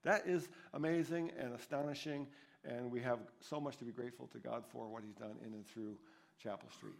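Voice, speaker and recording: A man's voice: medium pitch, fairly even intonation, fairly quick, vocal fry. A man preaching a sermon as pastor at a church service, in a conversational, storytelling way.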